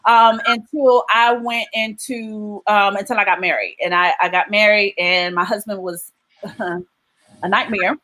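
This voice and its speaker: A woman from Maryland giving an emotional personal testimony of her faith, often pausing with "um" and "right?". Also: mid-range voice, steady tone, pushed and bright, low-quality recording. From Maryland, USA. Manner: emotional storytelling with frequent "um" and "right?".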